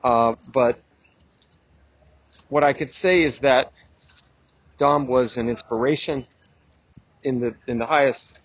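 A man's voice: mid-range voice, slow, pauses often, slightly rough. A man speaking reflectively while walking outdoors in a city park, sharing a casual tribute. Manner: reflective and easygoing. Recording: dull lo-fi outdoor recording.

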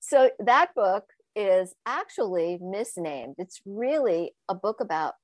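In a dry recording, a sex coach and author speaks slowly in a mid-range voice. Her interview is casual and full of stories, with frequent laughter and lively impressions of the people she quotes.

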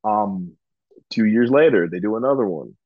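A man from Georgia, a pro wrestler, telling his story in a relaxed interview, full of ums and acted-out quotes. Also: lowish voice, moderate pace, no room sound, lo-fi sound. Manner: relaxed, chatty, frequent ums, acts out quoted dialogue. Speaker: guest, professional wrestler.

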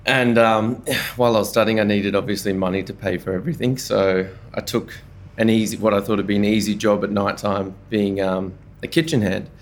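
Easygoing Australian man, low voice. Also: brisk. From Brisbane, Australia. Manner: easygoing and chatty, with relaxed slang and frequent fillers. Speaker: chef and podcast guest. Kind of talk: casual conversational interview.

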